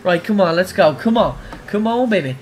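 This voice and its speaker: A man, streaming a racing game live and talking to chat, excitable and crying out at crashes. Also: high-pitched, moderate pace, a little hiss or hum. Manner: excitable, cries out at crashes and wins. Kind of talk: live gameplay commentary.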